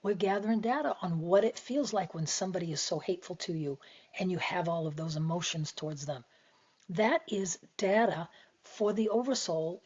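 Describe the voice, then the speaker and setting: Breathy low-voiced woman, soft and gentle. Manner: soft, gentle delivery that often drops to a hushed whisper; earnest and heartfelt. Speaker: spiritual teacher. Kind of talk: reflective spiritual talk to camera. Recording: dull lo-fi recording.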